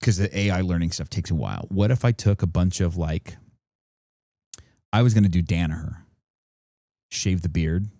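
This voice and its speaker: Male podcast co-host, low mellow voice, rambling chatty delivery. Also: lively intonation, normal speed, pauses often, dry recording, studio quality. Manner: rambling, explains at length with many fillers. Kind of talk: casual podcast chat. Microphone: studio podcast microphone.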